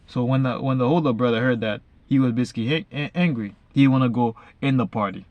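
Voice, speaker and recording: A man reading Bible verses slowly, then retelling each one casually in everyday slang. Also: mid-range voice, dry recording, dull audio. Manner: frequent fillers and restarts, says basically a lot. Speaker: Bible reader and explainer. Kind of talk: casual Bible study talk.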